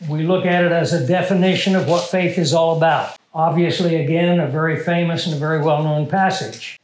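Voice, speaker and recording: A man's voice: fairly high pitch, normal speed, few pauses, reverberant, rough recording. A man preaching a teaching sermon, stressing key words and putting questions to the congregation. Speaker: pastor.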